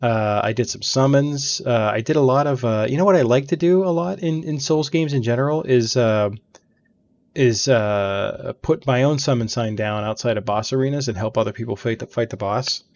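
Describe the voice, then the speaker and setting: A man's voice: mid-range voice, normal speed, a little mellow, dull audio. A man hosting a let's play, telling long stories about beating game bosses in a chatty, rambling way from his home gaming room. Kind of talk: casual gaming commentary.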